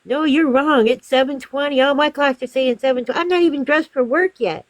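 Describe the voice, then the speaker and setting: A woman voicing a flustered, half-awake woman customer who insists she is right, in a high, indignant tone. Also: normal speed, no echo, close to an everyday voice.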